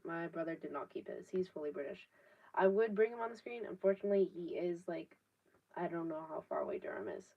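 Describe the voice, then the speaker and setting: A 19-year-old woman, chatting casually on a live stream, rambling with lots of fillers and casual swearing. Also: fairly low pitch. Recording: distant, dull laptop audio.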